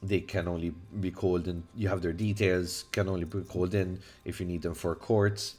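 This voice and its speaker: A man from Malta narrates a tabletop role-playing game as game master. His voice sits low, and he talks in halting bursts with fillers and restarts. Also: little pitch movement, a little mellow.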